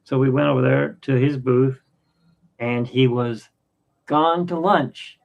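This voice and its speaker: A man in his fifties hosting a podcast, rambling through anecdotes in a casual, halting way with many fillers. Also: mid-range voice, vocal fry, background noise. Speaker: podcast host. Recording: dull lo-fi sound.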